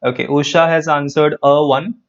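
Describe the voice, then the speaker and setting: A man's voice: a little high, fairly even intonation, moderate pace, creaky, dull audio. A man teaching an English grammar class live online, repeating key phrases and asking students questions. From India.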